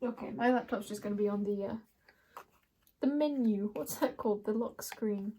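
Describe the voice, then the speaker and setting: A woman's voice: mid-range voice, moderate pace, warm tone, slight background noise. A young woman doing a casual card reading, playful and rambling, laughing often as she talks to herself and the viewer. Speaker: tarot reader.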